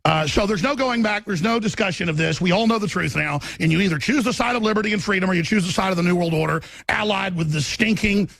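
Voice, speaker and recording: A man hosting a talk radio show, delivering a furious, shouting tirade with stammered restarts. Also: high-pitched, fast talker, gravelly, hardly any pauses, no room sound. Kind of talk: angry ranting talk radio monologue.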